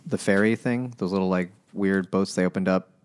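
A man's voice: sits low, fairly even intonation, brisk, clean tone. A man co-hosting a casual chat, summarizing a story with dry, wry asides. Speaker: podcast co-host.

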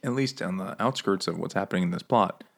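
A man's voice: sits low, quick pace, vocal fry. A man, co-hosting a casual book chat over beers, rambling and laughing often at his own jokes. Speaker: podcast co-host.

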